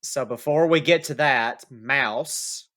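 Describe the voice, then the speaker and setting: A man's voice: medium pitch, slow, sharp tone. A man narrating as game master of a tabletop game, casual and hesitant with fillers.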